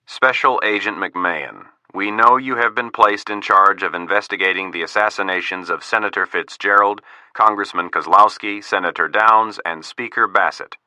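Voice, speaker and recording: A cold, measured assassin delivering a threat, read by a male audiobook narrator. The tone is bright and firm over a low voice. The sound is dry and close. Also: dry recording. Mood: menacing.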